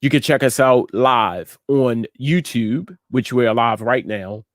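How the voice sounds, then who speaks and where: A man speaks at a slow, unhurried pace in a studio, giving an encouraging message and a show sign-off. His delivery is repetitive and emphatic, and his voice sits at a middle pitch. The sound is dry and close. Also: dry recording. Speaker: host and inspirational speaker.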